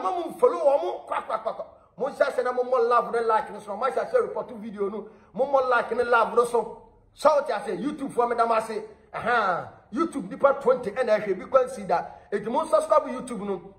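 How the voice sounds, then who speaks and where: A man from Ghana runs his own gossip channel, with a voice that sits high for a man. He keeps things animated and laughs often between remarks. The sound has the ring of an echoey room. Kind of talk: celebrity gossip commentary.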